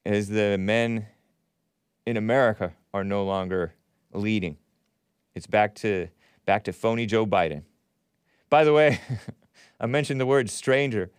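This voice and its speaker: Sardonic male talk host, smooth dry voice. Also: fairly low pitch, unhurried, long pauses, no echo. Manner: sardonic, mocking, laughs at his own remarks. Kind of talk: casual monologue commentary.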